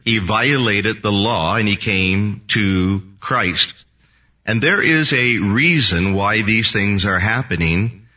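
Slow, bright-voiced male preacher. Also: fairly low pitch, far from the mic, highs cut off. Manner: slow, deliberate scripture reading and teaching. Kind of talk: sermon.

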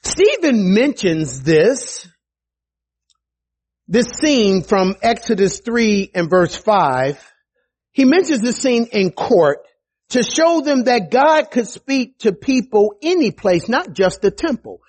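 A man delivers a sermon with a high, lively voice that swings up and down for emphasis. He talks at an unhurried pace with a slightly husky edge, and turns to his listeners with casual asides. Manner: animated, rises high for emphasis and quoted voices; conversational, with restarts and asides to the congregation. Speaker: preacher.

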